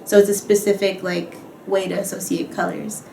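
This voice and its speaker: A woman's voice: medium pitch, little pitch movement, normal speed, gravelly, darkish tone. A young adult woman, an interview guest and history graduate student, talking casually with lots of fillers and acting out what others said to her. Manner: chatty, filler-heavy, acts out what others said. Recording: echoey room, faint ambient noise.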